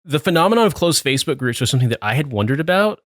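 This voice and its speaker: A man's voice: on the high side, big pitch swings, very fast, fairly bright tone, dry recording, clean studio sound. A man hosting a podcast chat, reading a news article aloud with sardonic asides and swearing. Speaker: podcast host.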